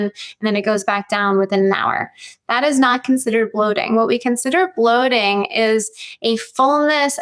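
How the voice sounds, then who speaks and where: A woman naturopathic doctor on a podcast, explaining clearly and methodically, listing points step by step. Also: a little high, fairly bright tone.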